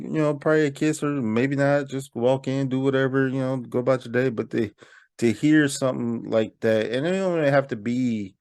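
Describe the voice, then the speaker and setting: A man's voice: brisk, a little mellow, no room sound. Male co-host, easygoing banter, mid voice, dry recording, playful quoted asides. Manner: laid-back, laughs often, jumps high for quoted voices. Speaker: podcast co-host. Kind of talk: casual relationship chat.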